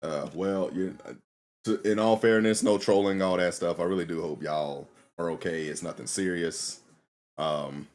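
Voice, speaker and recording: A man's voice: low voice, fairly even intonation, moderate pace, darkish tone. A man streaming a game live, chatting casually with his viewers in laid-back slang and laughing often. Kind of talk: casual live-stream chat while gaming.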